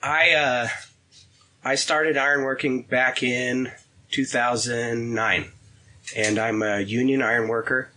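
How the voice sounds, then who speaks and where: A man, a union iron worker, answering interview questions in a plainspoken, halting way. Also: mid-range voice, fairly even intonation, sharp tone, poor audio.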